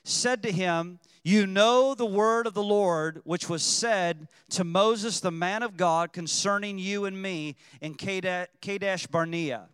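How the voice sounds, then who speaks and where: Guy preaching a sermon, bright sharp voice, dry close sound, gets loud and shouty. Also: high voice, animated, slow pace, few pauses, smooth, dry recording, big-room sound. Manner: preaching with surges to shouting emphasis. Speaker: pastor.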